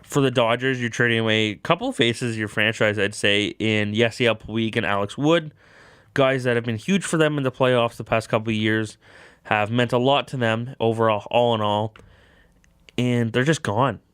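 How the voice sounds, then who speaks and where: A man's voice: medium pitch, normal speed, a bit bright, smooth, no echo, clean studio sound. A young man hosting a sports talk show, rambling through baseball news and correcting himself as he goes. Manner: rambling, self-correcting, lots of "of course". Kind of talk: casual sports talk monologue.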